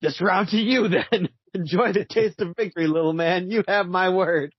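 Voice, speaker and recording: A man voicing a gloating villainous cyborg leader in a mock-theatrical, smug, drawn-out way, as a comic is read aloud. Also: sits high, slightly rough, dry recording, lo-fi sound, voice pushed up.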